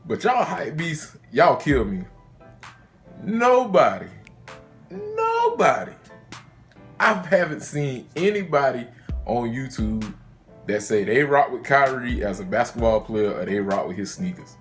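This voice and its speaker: A man's voice: medium pitch, very animated, measured pace, faint music behind. A man with a Southern US accent ranting in a casual sneaker vlog from his car, agitated, slangy and profane. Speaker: sneaker vlogger.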